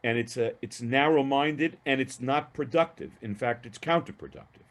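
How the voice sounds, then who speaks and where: Animated male storyteller on a video call. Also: medium pitch, normal speed. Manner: animated, emphatic, with frequent restarts. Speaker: guest lecturer. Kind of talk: storytelling lecture.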